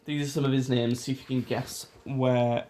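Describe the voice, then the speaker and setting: A man's voice: mid-range voice, little pitch movement, normal speed, warm tone. A young man from England hosting a casual podcast, teasing his friend and laughing often. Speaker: podcast host. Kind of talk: casual chat.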